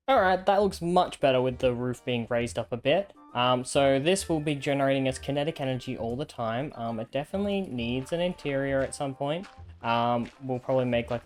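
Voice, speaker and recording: Chatty man narrating his gameplay. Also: mid-range voice. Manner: chatty, self-mocking, bursts of excited exclamation. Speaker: gaming content creator. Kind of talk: casual gameplay commentary.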